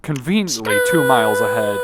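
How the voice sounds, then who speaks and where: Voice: mid-range voice, animated, fairly quick. An improv actor in a comedy scene, playful and prone to dramatic overreactions. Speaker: podcast co-host, actor. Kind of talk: improvised comedy role-play.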